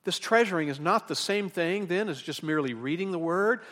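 A man's voice: sits high, fairly quick. Man preaching an expository sermon. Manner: animated preaching that rises in emphatic bursts, with asides. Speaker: pastor.

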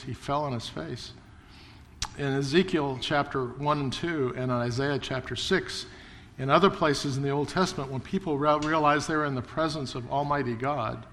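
A man's voice: mid-range voice, fairly bright tone, long reverb tail. A man preaching a sermon as pastor, earnest and building emphasis through repetition. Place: church sanctuary.

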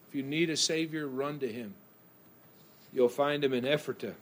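In a very noisy recording, a male pastor preaches a church sermon at a moderate pace. He moves from hushed, low lines to loud, impassioned outbursts.

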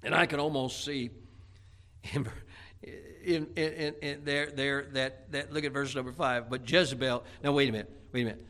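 A man preaching a sermon, telling a Bible story in a lively, dramatic way. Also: mid-range voice, moderate pace. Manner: animated storytelling preaching, acting out scripture characters.

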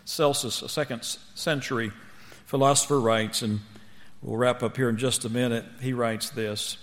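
A man's voice: mid-range voice, fairly even intonation, moderate pace, fairly bright tone. A man preaching a sermon to students, emphatic and firing rhetorical questions at the audience. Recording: long reverb of a large hall.

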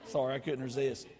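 A man's voice: mid-range voice, a little mellow. A man preaching a sermon as a pastor, stretching out key words for emphasis and telling stories with humor. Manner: storytelling with humor.

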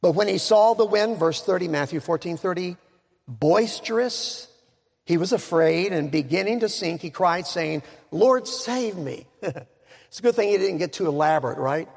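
A man preaching a sermon, dramatic, slowing down to stress key words, with joking asides. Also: high-pitched, creaky. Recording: long hall reverb.

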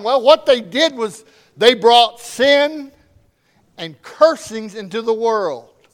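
A man preaching a sermon with strong emphasis, swinging between loud declarations and hushed asides. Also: very high-pitched, lively intonation, takes it slowly.

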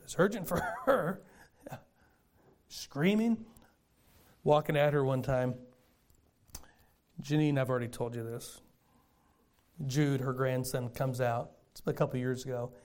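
An older man preaching a sermon in a folksy storytelling way, with sudden loud bursts. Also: medium pitch, measured pace, pauses often. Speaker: pastor.

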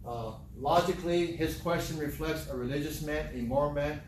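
A male pastor preaching a sermon in a church hall, animated and emphatic, repeating his points and acting out quotes. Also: fairly high pitch, moderate pace. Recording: echoey room with faint noise.

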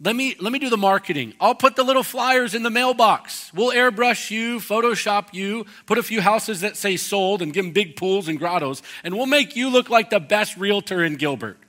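Preacher doing a salesy middleman, overeager, loud and high-pitched, in a sermon bit. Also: lively intonation. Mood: eager, pushy. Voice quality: salesy, fast-talking pitch. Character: pushy, overeager male believer pitching himself as God's marketer.

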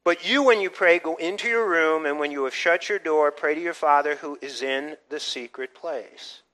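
A man's voice: on the high side, moderate pace, pushed and bright, low-quality recording. An older man, a pastor, preaching a conversational sermon with frequent restarts and asides. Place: church.

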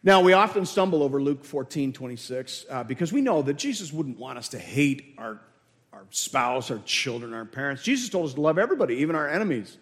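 A man's voice: mid-range voice, big pitch swings, fairly quick. A man preaching a sermon as pastor, emphatic, repeating key words and asking the congregation questions. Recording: long hall reverb.

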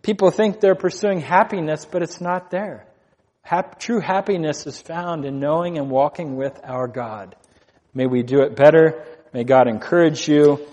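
Earnest preaching man, slightly high. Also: normal speed, a little mellow, in a large hall. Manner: earnest, repeats phrases for emphasis. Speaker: pastor. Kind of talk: sermon.

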